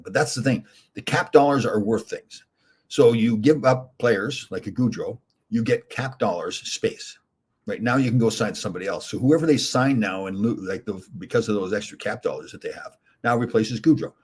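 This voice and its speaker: Brief: middle-aged male host, low husky voice, rambling casual chat with viewers. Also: brisk, darkish tone. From Canada. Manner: rambling, chatty, reads viewer comments aloud. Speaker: livestream host answering chat.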